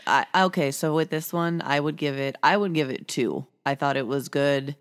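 A woman's voice: sits low, normal speed. A woman with a Midwestern American accent, co-hosting a podcast in frank, laid-back, rambling casual chat. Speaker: podcast co-host.

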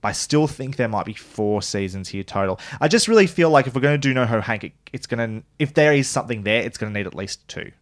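A man's voice: mid-range voice, fast talker, few pauses. A man co-hosting a podcast, chatting casually with restarts and the odd swear word. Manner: relaxed, rambling with restarts and swearing. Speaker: podcast co-host. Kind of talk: casual chat.

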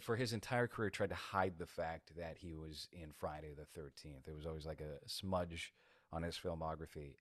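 A man's voice: low voice, fairly bright tone, no room sound, studio quality. A man co-hosting a podcast in casual chat, sarcastic and provocative. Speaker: podcast co-host.

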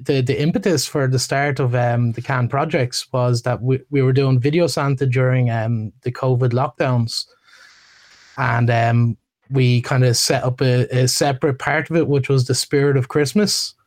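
A man's voice: mid-range voice, a little mellow. A man, a podcast guest, talking loosely with many fillers. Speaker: guest, massage therapist. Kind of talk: casual interview.

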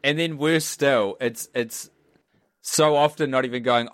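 A man's voice: medium pitch, unhurried, fairly bright tone, no room sound, clean studio sound. A man co-hosting a podcast who chats casually and drops in wry remarks. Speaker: podcast co-host. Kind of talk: casual comedy review chat.

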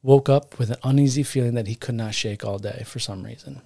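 A man's voice: mid-range voice, fairly quick, gravelly, mellow, no room sound. Man, podcast co-host, casual storytelling, rambling, self-correcting, jokey. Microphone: studio podcast mic.

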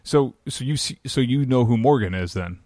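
A man hosting a podcast in casual chat, enthusiastic and quick to laugh, often repeating words as he starts sentences. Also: mid-range voice, lively intonation, warm tone, no room sound, studio quality. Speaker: podcast host.

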